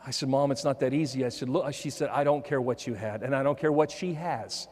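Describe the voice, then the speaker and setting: A man giving a motivational keynote talk, telling a personal story with humor and dropping softer for quoted lines. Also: mid-range voice, normal speed, few pauses. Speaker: motivational speaker. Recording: long hall reverb.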